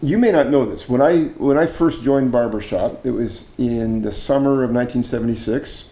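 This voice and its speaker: In a casual interview, a middle-aged Canadian barbershop arranger who chairs judging speaks enthusiastically and admiringly to another singer, chatting and often restarting. His warm mid-range voice goes at a normal speed in a roomy-sounding space.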